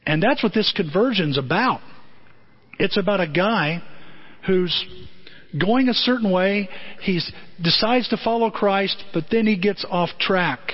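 A middle-aged male pastor telling a story in a sermon, animated and conversational, with comic asides. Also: high voice, a little slow. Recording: dull lo-fi audio.

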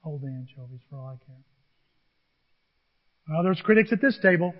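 A man's voice: a little high, normal speed. Man preaching in a big echoing hall. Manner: animated preaching with acted-out quotes. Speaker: pastor. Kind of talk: sermon. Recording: dull sound in a large reverberant hall.

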